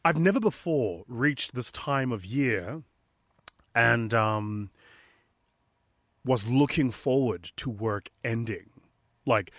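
A man's voice: mid-range voice, a bit bright, dry recording. A man hosting a podcast, sounding tired and slightly nasal, talking casually and repeating phrases for emphasis. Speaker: podcast host.

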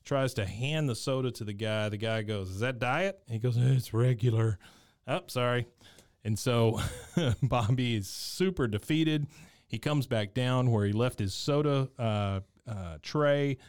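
A man's voice: mid-range voice, a little slow, clear, resonant tone, no room sound, clean studio sound. A man co-hosting a podcast, casually recapping a cartoon episode and acting out the characters' lines in a raised voice. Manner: animated retelling, quotes characters in raised voice. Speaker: podcast co-host.

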